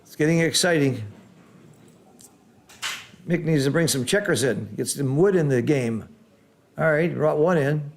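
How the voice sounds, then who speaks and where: A middle-aged man calling a backgammon match, his voice sitting a little high for a man. He swings from gasping excitement at the rolls to patient, teacherly explanation of the strategy. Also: unhurried, pauses often. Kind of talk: live game commentary.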